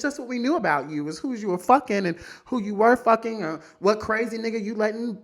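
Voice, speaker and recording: A woman's voice: fairly high pitch, brisk, few pauses. A woman hosting a solo celebrity gossip podcast, blunt, profane and brassy, hammering her points home by repeating them, seated on a couch indoors. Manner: repeats lines for emphasis. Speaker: podcast host.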